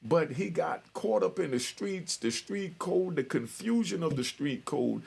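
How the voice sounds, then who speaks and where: A man's voice: on the high side, lively intonation, unhurried, gravelly, a little mellow, slightly rough. A middle-aged man casually telling a street story in his own talk, acting out both sides of phone calls. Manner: street-talking, retells conversations with quoted voices. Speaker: storyteller host.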